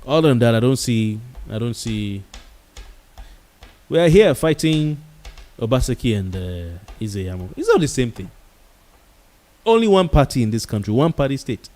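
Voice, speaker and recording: A man's voice: medium pitch, very animated, moderate pace, pauses often, darkish tone. Passionate Nigerian man ranting on air. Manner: passionate and ranting, mixing pidgin words. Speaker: talk show host. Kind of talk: late-night commentary monologue.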